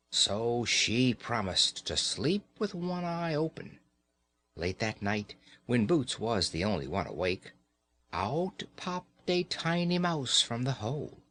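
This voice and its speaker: A man reading a children's story aloud in a slow, expressive way. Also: fairly low pitch.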